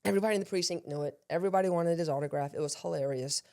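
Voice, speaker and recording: A middle-aged woman from Maryland speaks as an interview guest. Her voice sits low and mellow, and she tells her career stories in a lively, self-deprecating way. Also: rapid-fire. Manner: lively, self-deprecating storyteller who acts out quotes. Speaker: guest, actor and law enforcement veteran. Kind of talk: casual storytelling interview.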